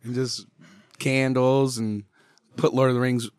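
A young man talking as a guest in a casual, joking interview, laid-back and quick to laugh, swearing often and answering with a polite "yes, ma'am". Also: mid-range voice, level tone, a little mellow, clear, resonant tone, no room sound, studio quality.

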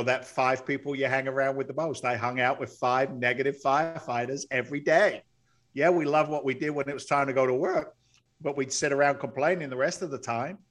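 A middle-aged man, a podcast guest, telling his life story earnestly, close to tears, breaking into loud excited bursts. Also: mid-range voice, fairly quick. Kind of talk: emotional storytelling interview.

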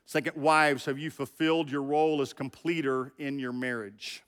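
A man's voice: medium pitch, fairly even intonation, normal speed, a bit bright. Man, middle-aged, pastor, conversational sermon, reverberant church hall. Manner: conversational, talks straight to the congregation.

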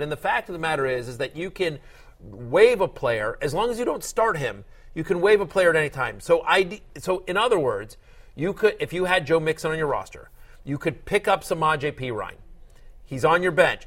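A middle-aged man hosting a sports podcast, talking casually and joking around. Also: a little high. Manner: animated, joking, acts out quotes. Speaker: podcast host.

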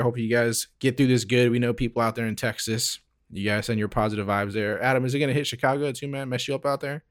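Chill guy hosting a sports pod, laughs a lot, says bro and like, mid voice. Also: medium pitch. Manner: laid-back, laughs often, says bro and like. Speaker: podcast host. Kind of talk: casual sports podcast chat.

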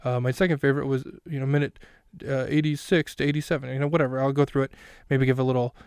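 A man's voice: medium pitch, steady tone, fast talker, darkish tone, clean tone, dry recording, studio quality. A man hosting a podcast who recaps a film scene by scene in a rambling, self-mocking way with plenty of fillers. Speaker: podcast host.

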